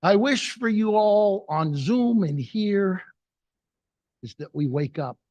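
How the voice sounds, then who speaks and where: An older man giving an animated inspirational talk, mixing jokes and stories. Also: high voice, slow pace, no echo, dull audio. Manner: animated storyteller, jokes and acted quotes. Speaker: speaker.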